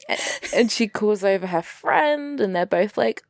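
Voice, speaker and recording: A woman co-hosting a casual podcast, wry and chatty, with a mid-pitched voice that leaps up and down. She is recorded close and dry, and she mimics the characters with exaggerated voices. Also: animated, a little slow, hardly any pauses, no echo. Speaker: podcast co-host. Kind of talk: casual chat recapping a TV episode.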